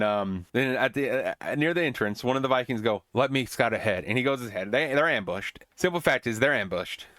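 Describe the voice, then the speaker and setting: Man host, rambling movie recap, mid-pitched, dry close mic. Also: a bit bright, no echo. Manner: rambling, many fillers and restarts. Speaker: podcast host.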